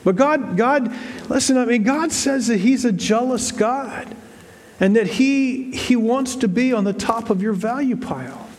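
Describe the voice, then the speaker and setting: A man's voice: very high-pitched, a little slow. A man preaching a sermon as pastor, in a conversational way that repeats phrases and acts out quoted voices. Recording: reverberant hall.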